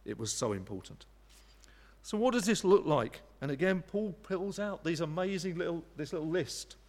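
A man's voice: a little high, expressive, moderate pace, long reverb tail. A man preaching a sermon in an earnest, conversational way, with frequent restarts. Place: church.

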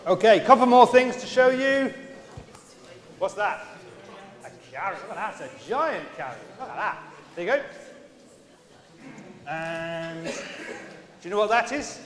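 Leading a chatty, playful all-age talk with props in a big church, a man encourages the children along. He has a high voice with lively intonation and a measured pace with long pauses, with crowd noise and long reverb filling the echoey hall.

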